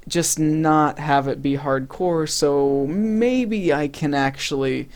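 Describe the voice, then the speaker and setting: A man's voice: on the high side, slow, smooth. A man casually narrating his own game footage in a laid-back, rambling, self-deprecating way. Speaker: gaming channel host.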